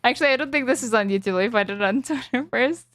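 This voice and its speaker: A woman's voice: on the high side, fast talker, a bit bright, no echo. A woman co-hosting a casual chat, blunt and laughing often, swearing freely. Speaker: co-host.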